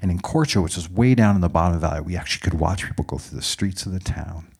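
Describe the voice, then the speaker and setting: A man preaching a sermon as a dramatic story, dropping to hushed whispers and rising to loud exclaims. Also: low-pitched, rapid-fire, gravelly, slightly rough.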